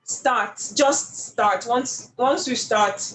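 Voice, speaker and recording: A woman, a painter guest telling her story in an animated, expressive way. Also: fairly high pitch, extremely slow. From Nigeria. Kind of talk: casual storytelling interview. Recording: echoey room with faint ambience.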